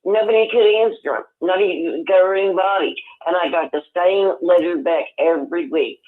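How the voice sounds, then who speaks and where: An older man calling in on the phone, talking in a rambling, halting way with many restarts. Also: high voice. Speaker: caller. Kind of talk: casual phone chat. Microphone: telephone. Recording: tinny phone line.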